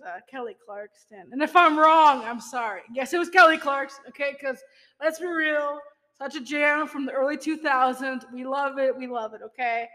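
Here a young adult podcast host spins casual stories, chatty and full of laughter and filler words. She has a high-pitched, fairly bright voice, and the recording has a big-room sound.

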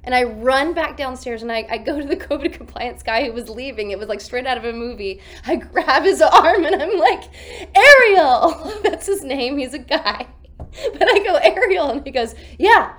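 Lively laughing woman on a video call. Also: high voice, moderate pace. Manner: animated storytelling, laughing, acting out her own lines. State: recovering from covid. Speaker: actress guest. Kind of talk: casual interview chat. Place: hotel room.

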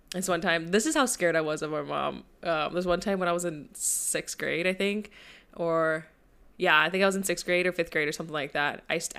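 Chatty young woman with a smooth voice. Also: on the low side, a bit bright. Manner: chatty, rambling, frequent fillers and swearing. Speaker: podcast host. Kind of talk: casual chat.

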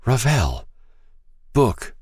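A man voicing a mortally wounded temple elder who speaks weakly and calmly in halting phrases. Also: mid-range voice, husky, dry recording, clean studio sound, pitched above the performer's own voice, exaggerated voice. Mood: fading. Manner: weak, halting, calm.

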